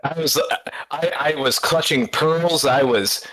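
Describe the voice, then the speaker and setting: A man in casual podcast chat, telling stories in an excitable, rambling way, stumbling over his words and laughing often. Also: fairly high pitch, slow pace. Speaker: podcast co-host.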